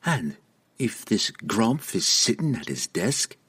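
A man's voice: lowish voice, sing-song, slow pace, fairly bright tone, breathy edge, full character voice. A man voicing a skeptical, worried young woman. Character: doubtful young woman companion.

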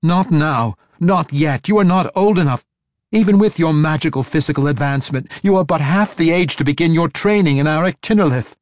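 A man voicing a proud, furious dark-elf matron mother, shouting in outrage. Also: a little high, fairly quick, no room sound, clean studio sound, voice pushed up, lightly acted.

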